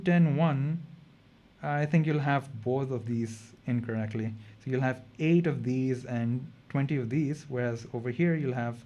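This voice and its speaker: A young man runs a relaxed exam revision session in chemistry, talking through problems as he goes. His voice sits at an ordinary middle pitch for a man. He thinks out loud and often stops to correct himself mid-sentence. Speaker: chemistry tutor. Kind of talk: casual exam revision lesson.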